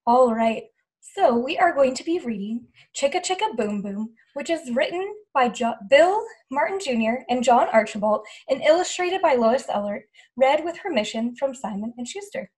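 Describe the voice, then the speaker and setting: A woman librarian reading a picture book aloud to young children in an animated, sing-song way, coaxing them to join in. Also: high-pitched, moderate pace. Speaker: children's librarian hosting story time.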